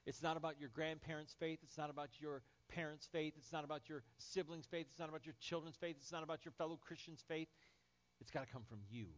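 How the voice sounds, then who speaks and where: A man's voice: on the high side, muffled recording. A man preaching a sermon as pastor, emphatic and building through repeated phrases.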